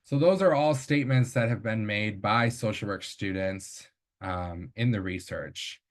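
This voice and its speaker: Low-voiced man giving an academic talk. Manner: measured, with fillers and self-corrections. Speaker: presenter. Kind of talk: academic presentation.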